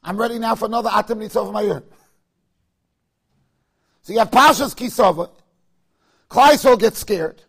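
Husky high-voiced Torah teacher. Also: male voice, normal speed, pauses often. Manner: chants verses, jokes in asides. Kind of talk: Torah lecture.

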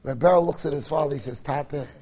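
A rabbi delivering a sermon through a story. His voice is high for a man, and he moves between quiet, hushed narration and loud, emphatic bursts. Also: racing, very noisy.

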